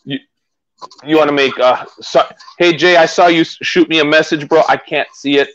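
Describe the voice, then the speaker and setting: A man co-hosting a casual live stream, chatty and quick to laugh, talking into a phone. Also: on the high side, steady tone, a bit bright, muffled recording. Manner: chatty, laughs often, restarts a lot. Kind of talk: casual chat. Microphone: phone used as camera.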